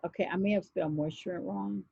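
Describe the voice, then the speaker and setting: A woman's voice: on the low side, a little fast, creaky, husky, no echo. Woman host, easygoing advice-giver on a stream, dry dull call audio. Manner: relaxed, reassuring, folksy. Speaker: natural hair stylist hosting a live Q&A. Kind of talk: casual live-stream advice chat.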